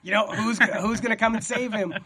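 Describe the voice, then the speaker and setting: A young man rambling in a casual, profane chat, getting excited as he talks. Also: high voice, fairly quick, a crowd in the background.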